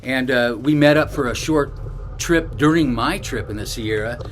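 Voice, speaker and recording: Guy from norcal rambling through a bike trip story, loose and chatty, normal pitch. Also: unhurried, slight background noise. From northern California. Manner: rambling, loose, with many restarts and asides. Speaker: bikepacking vlogger. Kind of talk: casual storytelling to camera.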